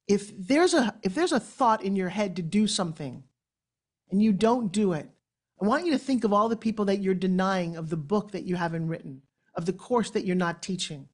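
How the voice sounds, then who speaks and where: A woman in her sixties with a New York accent, speaking on an event stage as a motivational speaker. She tells her stories dramatically, acting out the quotes. Her voice sits at an ordinary, mid-range pitch. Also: normal speed. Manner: dramatic, animated storytelling with acted-out quotes. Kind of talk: motivational keynote speech. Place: event stage before an audience.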